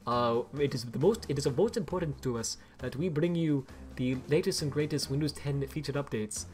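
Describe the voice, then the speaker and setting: A man's voice: medium pitch, a little fast, a little mellow, soft background music, natural voice. A man putting on an Indian accent to play a stiff, formal male tech executive giving an exaggerated corporate spiel. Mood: mock-solemn.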